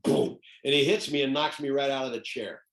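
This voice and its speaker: An older man, a guest actor, telling lively anecdotes in a casual interview and laughing often. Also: mid-range voice, fast talker, rough recording.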